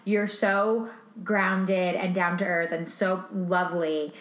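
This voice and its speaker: A woman's voice: on the low side, little pitch movement, slow, echoey room, poor audio. A woman host and stylist, chatty and enthusiastic in casual conversation.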